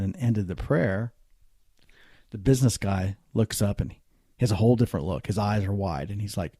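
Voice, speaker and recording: Low-voiced man telling a story. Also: normal speed, dark tone, slightly rough, no echo, studio quality. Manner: conversational, many fillers and restarts. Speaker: podcast host. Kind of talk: casual storytelling.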